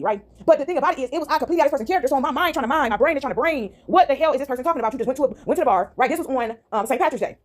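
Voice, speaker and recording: A woman ranting casually to her viewers from home into a phone, animated and rambling, tagging on "right?" and "y'all" constantly. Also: fairly high pitch, racing, few pauses. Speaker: vlogger. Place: at home, indoors.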